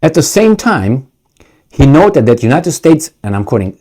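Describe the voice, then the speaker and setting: Sarcastic, animated male commentator. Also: mid-range voice, a little slow. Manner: sarcastic, mocking, rhetorical questions. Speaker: political commentator. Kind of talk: solo video commentary.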